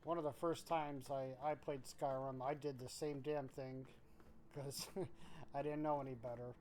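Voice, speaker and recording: A man streaming a game, reading chat aloud in a laid-back, drawn-out way, thinking aloud with restarts. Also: medium pitch, fairly even intonation, a little mellow.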